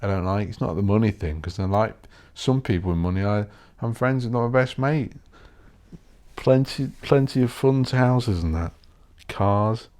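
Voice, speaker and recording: Man, very deep voice, solo podcast host, rambling, blunt, swears a lot. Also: a little slow. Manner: blunt, sweary, thinking out loud.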